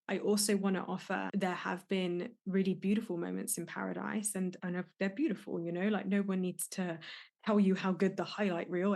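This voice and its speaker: A woman's voice: on the low side, creaky, darkish tone. A young adult woman hosting a solo podcast, talking candidly and with emotion, often restarting her sentences as she reflects. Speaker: podcast host and life coach.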